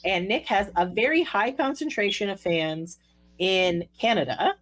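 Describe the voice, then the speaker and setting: A woman's voice: medium pitch, animated, measured pace. A woman co-hosting a podcast, chatting casually and breaking in with asides for the listeners. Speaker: podcast co-host. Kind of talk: casual chat.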